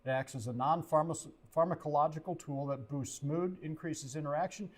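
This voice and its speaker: A man co-hosting a doll livestream, reading trivia questions and answers haltingly, tripping over words and adding jokey asides. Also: a little high.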